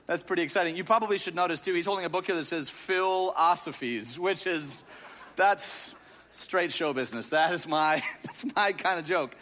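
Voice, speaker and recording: A man's voice: fairly high pitch, moderate pace, bright, forceful tone. A man preaching a sermon in a casual, joking way, with lots of filler words, to a crowd in a large church auditorium. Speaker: pastor. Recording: long reverb of a large hall.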